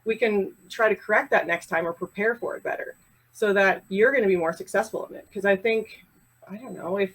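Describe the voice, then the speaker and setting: A woman in her thirties from Canada chats as a podcast guest. She speaks in a warm, heartfelt, storytelling way at an ordinary middle pitch. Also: low-quality recording. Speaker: pharmacist and coach, podcast guest. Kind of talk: casual interview chat.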